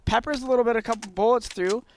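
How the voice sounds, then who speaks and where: A man's voice: very high voice, quick pace, noisy background. A man casting an esports match play-by-play, joking and leading the banter between calls. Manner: jokey, leads the banter. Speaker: esports caster. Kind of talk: play-by-play commentary.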